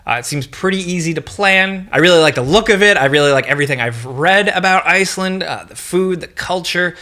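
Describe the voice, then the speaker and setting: A man with a slight New York accent hosting a casual Q&A chat about games, his voice high and jumping around as he rambles and restarts his sentences. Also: fairly quick. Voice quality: high, animated voice. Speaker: gaming video host.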